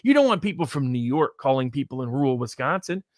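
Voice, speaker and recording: A man in a casual podcast discussion, explaining polling quickly with frequent restarts. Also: mid-range voice, very animated, dry recording, studio quality. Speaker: pollster guest.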